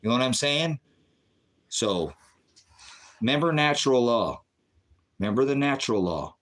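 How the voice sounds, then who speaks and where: A man preaching on his own channel, fervent and confrontational, firing off rhetorical questions and swinging between low mutters and loud outbursts. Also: animated, normal speed. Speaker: online preacher and channel host. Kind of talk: impassioned livestream preaching.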